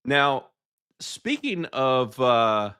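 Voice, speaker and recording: A Southern man hosting a live show and talking straight to his chat. His voice is bright and forward, and the sound is dry and close. He rambles along with fillers and false starts. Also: medium pitch, big pitch swings, drawn-out words, smooth, dry recording. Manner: rambling, chatty, lots of fillers and restarts. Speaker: podcast host. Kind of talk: live commentary reacting to clips for chat.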